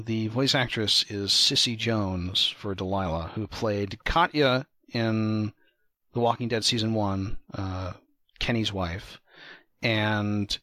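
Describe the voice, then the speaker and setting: A man co-hosting a podcast, chatting casually in a halting way with many fillers. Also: on the low side, a bit bright, dry recording. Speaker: podcast co-host. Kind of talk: casual chat.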